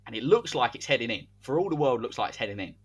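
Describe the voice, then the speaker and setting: A man co-hosting a podcast, telling a made-up sports story in animated, commentary-like casual chat. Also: medium pitch, quick pace, breathy edge. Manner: animated, spins a hypothetical tale like match commentary. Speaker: podcast co-host.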